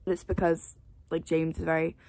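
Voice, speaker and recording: A teenage girl chatting casually in a reading vlog, gushing and excitable, swearing now and then, tired late at night. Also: low-pitched, fairly quick, gravelly, no room sound. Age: teens. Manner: gushing, excitable, swears, mixes soft asides with loud outbursts. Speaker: reading vlogger. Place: bedroom at home with a fan running.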